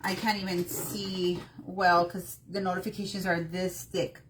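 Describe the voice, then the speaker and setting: A woman's voice: fairly low pitch, little pitch movement, unhurried, background noise. A woman hosting a live craft tutorial on her phone, chatting and greeting viewers by name between steps. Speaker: craft workshop host.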